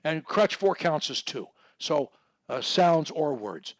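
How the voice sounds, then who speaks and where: A man coaching one-on-one over a video call, explaining techniques in a deliberate, instructive way and drawing words out. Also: a little high, lively intonation, no echo. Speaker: speech coach.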